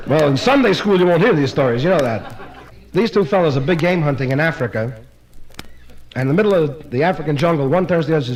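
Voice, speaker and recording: A man's voice: a little high, expressive, fast, slight background noise, low-quality recording. A man performing live stand-up comedy, rattling off jokes in run-on "he says, she says" storytelling. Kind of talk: live stand-up joke telling.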